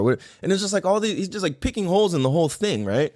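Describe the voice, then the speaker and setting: A man's voice: sits high, very animated, fast talker, few pauses, darkish tone, dry recording, studio quality. A man hosting a podcast, telling a story in a casual, rambling way full of "like"s. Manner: rambling, lots of fillers and "like"s. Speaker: podcast host.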